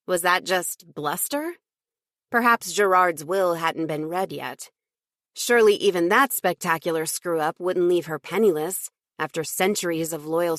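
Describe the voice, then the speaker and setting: A woman's voice: lowish voice, fairly bright tone, dry recording, studio quality. Woman narrating a cozy audiobook. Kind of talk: scripted first-person audiobook narration.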